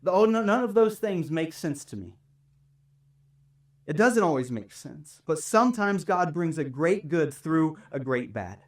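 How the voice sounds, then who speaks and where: A man preaches a sermon to his congregation, talking in an easy, conversational way and often checking in with a quick "right?". His voice sits a little high for a man. He is picked up from some distance in the church sanctuary. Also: lively intonation. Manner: conversational preaching, tag questions. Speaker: pastor.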